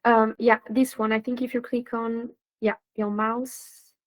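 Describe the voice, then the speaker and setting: A woman with a fairly high voice hosting a live online session over a video call. She chats casually and guides her guest helpfully, sprinkling her speech with fillers like "um" and "like". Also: level tone, unhurried, rough recording. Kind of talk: casual pre-show chat.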